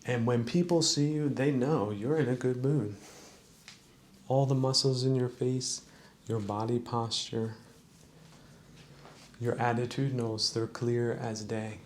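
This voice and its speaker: A man hosting a podcast, musing in a slow, preachy mock-sermon monologue with a gravelly voice. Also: medium pitch, fairly even intonation, darkish tone, a little hiss or hum. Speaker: podcast host. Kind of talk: rambling comedic monologue.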